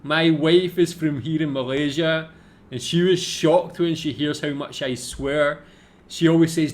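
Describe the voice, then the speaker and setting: A man's voice: fairly high pitch, fairly even intonation, a little slow. A Scottish man hosting a reaction video, chatting casually and laid-back, often saying "man". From Scotland.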